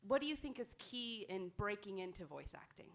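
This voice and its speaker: A woman's voice: mid-range voice, expressive, brisk. A young woman, a fan at a convention panel, asking a question eagerly with nervous fillers. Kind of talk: audience Q&A question.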